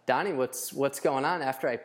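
A man's voice: medium pitch, a little fast. A man hosting a podcast in casual chat, loose and profane with plenty of fillers. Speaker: podcast host.

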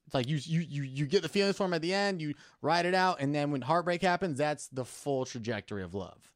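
A young man, a stand-up comic, chats loosely on a podcast. His voice sits a little high and swings widely in pitch as he rambles, jokes and restarts his sentences. The sound is close and dry. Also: expressive, fairly quick, dry recording. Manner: rambling and playful, trails off and restarts, profane. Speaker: stand-up comedian, podcast co-host. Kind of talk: casual chat.

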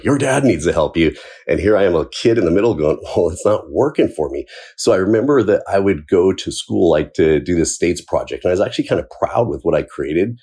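Deep-voiced man with a husky edge, a firefighter recounting his past plainly and with wry chuckles. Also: darkish tone. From Southern California. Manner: casual and candid, chuckles between points. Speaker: firefighter telling his life story. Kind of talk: personal storytelling.

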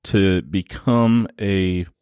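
Casting: lowish-voiced man, podcast co-host, laughing and animated, dry close mic. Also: very slow, clean tone, no room sound. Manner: laughing, animated, acts out quotes. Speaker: podcast co-host reviewing movies. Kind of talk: casual chat.

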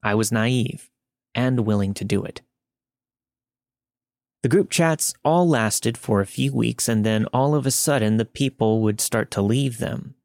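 A man reads a listener's true story aloud with steady, scripted podcast narration. His voice sits at a middle pitch and is recorded close on a dry mic. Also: measured pace, no room sound.

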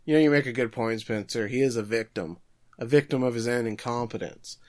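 A man's voice: mid-range voice, darkish tone. Man casually recapping a plot. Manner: joking, summarizing plot quickly. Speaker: podcast co-host. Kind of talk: casual anime recap chat.

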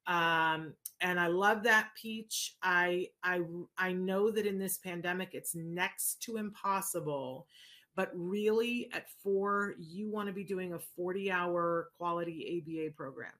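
A woman hosting a casual live chat, answering viewers in an animated, conversational way and often checking in with "right?". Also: on the low side, a little slow. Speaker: host answering viewer questions.

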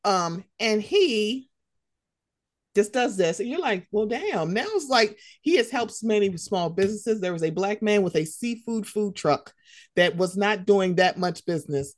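A young woman hosting a casual pop-culture chat, animated and slangy, swearing freely. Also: medium pitch, unhurried, no echo, clean studio sound. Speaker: podcast host.

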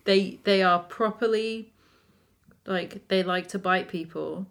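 A woman co-hosting a relaxed film review chat. She talks in a chatty way and laughs easily while explaining details. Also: medium pitch, slow pace. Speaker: podcast co-host.

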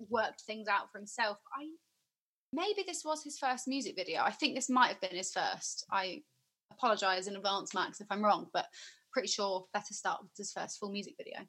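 A woman's voice: medium pitch, animated, normal speed, bright, forceful tone. A young woman in her twenties chatting as an interview guest, rambling with many fillers. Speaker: guest musician and actor. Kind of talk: casual interview chat.

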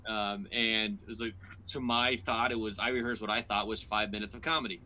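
A man's voice: fairly low pitch, brisk, poor audio. A man, a guest comedian, telling a rambling personal story in casual podcast chat, full of restarts and fillers and acting out his own past lines. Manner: rambling, animated anecdote with many restarts and fillers.

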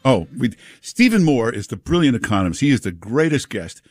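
A man hosting a talk radio show, joking and mocking in a casual, lively way. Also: medium pitch, brisk, dry recording, faint music behind. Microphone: studio mic.

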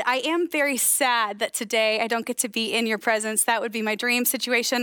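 An American woman in her thirties preaches a sermon with a smooth, resonant voice pitched a little high. The recording is dry and close, with no room sound. Her delivery is friendly and conversational, and it turns slow and hushed in prayer. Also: dry recording. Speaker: guest preacher. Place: recorded remotely, not in the church.

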